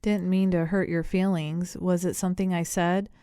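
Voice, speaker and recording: Lady reading as friendly middle-aged english gent, breezy, rambly, kinda low and mellow. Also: flat delivery, moderate pace, smooth, no echo, clean studio sound, close to an everyday voice. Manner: breezy, polite, rambling with ums. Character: affable, chatty middle-aged English gentleman.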